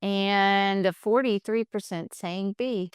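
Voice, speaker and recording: A woman's voice: mid-range voice, slow, smooth, no room sound, studio quality. A woman co-teaching an online class, reading out poll results and adding friendly, supportive comments. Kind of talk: virtual class lesson.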